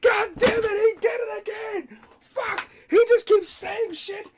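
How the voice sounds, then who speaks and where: A streamer putting on the voice of a shrieking, frantic, overexcited fan who shouts and nearly cries. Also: extremely high pitch, steady tone, measured pace, very noisy, voice pushed up.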